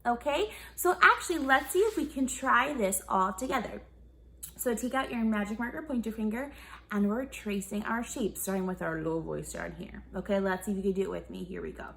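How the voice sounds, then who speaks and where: A woman's voice: mid-range voice, brisk, gravelly, fairly bright tone, a little hiss or hum. A young woman teaching a children's music class, upbeat and encouraging, often asking the kids questions. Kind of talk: online kids' music lesson.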